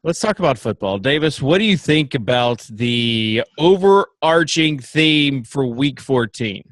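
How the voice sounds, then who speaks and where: A Southern-accented man leads a casual sports podcast, ribbing his co-hosts in easy banter. His voice sits at a middle pitch and sounds dry and close, with no room behind it. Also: lively intonation, unhurried, a bit bright, no echo. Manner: playful, teasing. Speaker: podcast host. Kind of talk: casual chat. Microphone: remote call.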